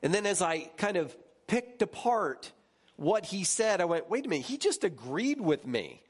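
A man who is a pastor, giving a conversational sermon in a lively, chatty way and often checking in with his listeners. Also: normal speed, slightly rough. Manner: lively, jumps higher when recounting stories.

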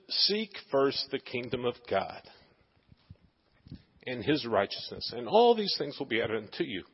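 A man tells a personal story from the pulpit, chatty and full of fillers as he acts out the dialogue. His voice is a little husky. The sound is muffled and rings with a long church-hall echo. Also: mid-range voice. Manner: animated anecdotal, many fillers. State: tearful. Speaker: preacher sharing a testimony. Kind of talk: sermon storytelling. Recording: dull sound in a reverberant hall.

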